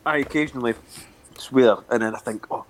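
A man's voice: mid-range voice, a little fast. Middle-aged Scottish man, casual chat. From Scotland. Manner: swears freely, acts out quotes. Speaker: podcast host.

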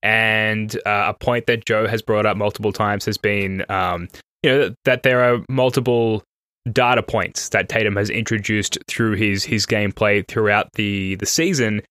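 A man's voice: on the low side, fairly even intonation, moderate pace, fairly bright tone, clean tone, dry recording. A man hosting a podcast, chatting in a rambling, self-correcting way that turns enthusiastic. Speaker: podcast host. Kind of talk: casual analytical chat.

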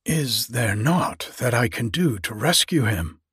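A man's voice: medium pitch, expressive, unhurried, fairly bright tone, husky, no echo, studio quality, heavily acted. A man voicing a brave, eager nobleman, asking urgent questions in archaic storybook speech. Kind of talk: storybook reading.

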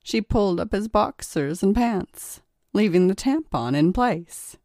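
This is a calm, measured woman narrating an erotic audiobook at a slow pace. Her tone is dark and mellow, her pitch medium, and the audio is close and dry.

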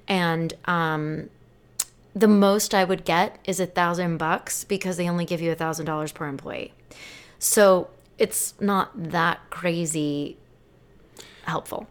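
A young adult woman from the United States, co-hosting a podcast in casual chat and telling stories with animated quoted voices. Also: fairly low pitch, takes it slowly, smooth. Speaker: podcast co-host.

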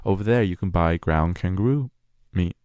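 A young man with a lowish voice co-hosts a relaxed podcast chat, full of laughs, swearing and filler words. He is from California, and his voice sits close and dry on the mic with no room sound. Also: moderate pace, clean tone, no room sound. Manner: swearing, laughing, says like a lot. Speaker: podcast co-host. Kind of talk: casual chat.

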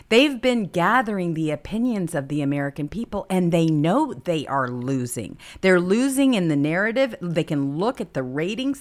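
Woman, talk show host, lowish voice, emphatic and preachy. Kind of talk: political talk show chat.

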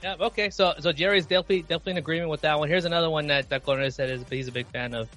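A man's voice: a little high, very fast, a bit bright, soft background music. A man on a casual podcast, teasing and ribbing his co-hosts. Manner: teasing, ribs the others. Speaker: podcast co-host. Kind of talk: casual chat.

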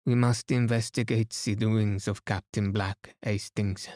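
A man's voice: lowish voice, flat delivery, a little slow, mellow, no room sound, clean studio sound, natural voice. A man voicing a fussy middle-aged Belgian detective who speaks precisely and slips in French phrases, read as a bedtime story.

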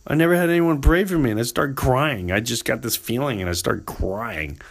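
A man hosting a podcast, telling a personal story in an earnest, animated way and slipping into voices for the people in it. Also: mid-range voice, fairly quick, vocal fry. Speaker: podcast host.

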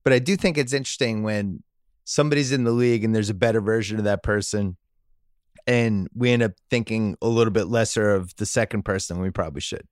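A man's voice: on the low side, steady tone, fast talker, dry recording, studio quality. Man hosting a sports podcast. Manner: joking, speculative, reads listener emails. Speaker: podcast host. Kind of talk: casual sports chat.

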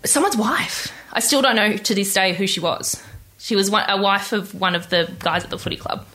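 A young woman telling her personal story in an interview, candid and halting, with many restarts. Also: mid-range voice, bright, forceful tone, faint music behind. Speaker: interview guest.

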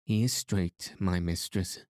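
A man's voice: sits low, steady tone, slow pace, a little mellow, dry recording, clean studio sound. A man reading the lines of a stern, hunchbacked medieval duke in a harsh, curt way.

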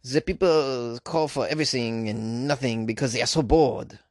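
A man's voice: mid-range voice, extremely slow, pushed and bright, dry recording, clean studio sound, full character voice. A man voicing a bored male French police spokesman in a hammy mock French accent.

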